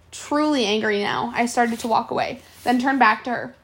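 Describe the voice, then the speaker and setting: Woman, high voice, audiobook narration, steady storytelling. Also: brisk, hardly any pauses. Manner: steady storytelling with small restarts. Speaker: audiobook reader. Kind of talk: reading a novel aloud.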